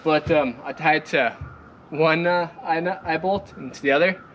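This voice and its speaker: Recorded outdoors with clear background noise and a muffled sound, this vlog has a young man from Minnesota or elsewhere in the Midwest walking through his boat. His fairly high, fairly bright voice moves at normal speed, and he rambles, fills pauses, and laughs a lot. The camera is fixed on the boat as he moves nearer and farther.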